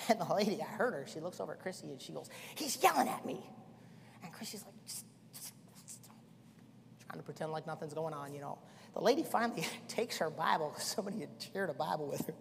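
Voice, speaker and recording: A middle-aged man preaching a sermon as pastor, swinging from shouting to quiet storytelling. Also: a little high, quick pace, vocal fry, slight background noise. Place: church hall. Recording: echoey church hall.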